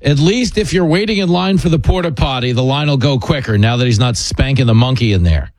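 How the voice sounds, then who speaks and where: A man's voice: mid-range voice, expressive, a little fast, a little mellow, dry recording. A man hosting a talk radio show, mocking and sarcastic as he takes a caller. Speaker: radio host.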